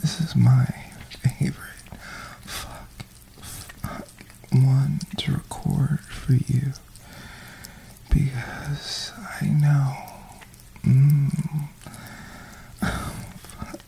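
A man in a whispered role-play, murmuring intimately to the listener with soft moans between phrases, as an audio performer. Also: mid-range voice, little pitch movement, very slow, vocal fry, long pauses, low-quality recording.

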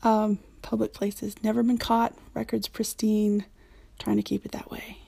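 Casting: frank, chatty woman, mellow tone with a bit of vocal fry, dry close mic. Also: mid-range voice, little pitch movement, normal speed, dry recording. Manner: chatty, frank, with frequent ums and laughs. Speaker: community member answering a questionnaire. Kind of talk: casual spoken questionnaire.

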